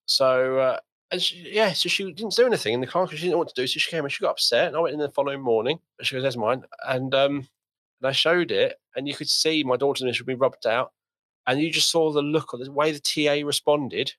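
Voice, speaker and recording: A man hosting a podcast, chatting in a relaxed, rambling way and acting out the people he quotes. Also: mid-range voice, fast talker, no echo. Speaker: podcast host. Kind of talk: casual podcast conversation.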